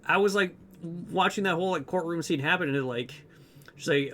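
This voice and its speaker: A man's voice: on the high side, brisk, pushed and bright, slight background noise. A young man co-hosting a podcast, retelling a movie plot in rambling casual chat with lots of fillers. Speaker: podcast co-host.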